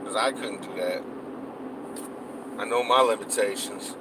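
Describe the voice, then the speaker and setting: A man's voice: on the low side, unhurried, background noise. A man delivering a heated, profanity-laced rant, cursing and repeating himself as he vents. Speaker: political vlogger.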